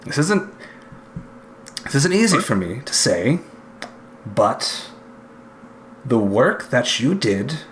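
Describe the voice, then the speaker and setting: A man voicing a stern, steely male inquisitor who speaks in a measured, formal, halting way. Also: medium pitch, slight background noise.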